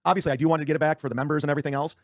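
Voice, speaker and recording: A man's voice: on the high side, fairly even intonation, rapid-fire, no echo, clean studio sound. A man ranting casually on a livestream, rambling, swearing often and restarting his sentences. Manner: rambling, profane, self-interrupting.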